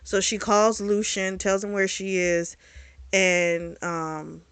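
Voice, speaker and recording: A woman giving a casual spoken recap of a novel, animated and full of fillers, with the odd swear word. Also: mid-range voice, slow pace, smooth, no echo. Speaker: book reviewer.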